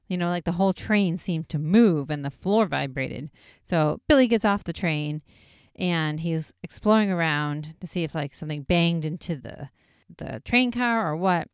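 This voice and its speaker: A woman casually recapping an episode in a chatty, excitable way, full of "like" fillers. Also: sits low, unhurried, smooth, no echo, clean studio sound.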